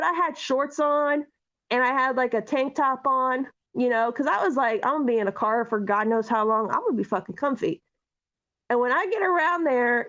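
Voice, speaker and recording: A woman co-host telling a long story in casual chat, animated and full of swearing. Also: high voice. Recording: dull lo-fi sound.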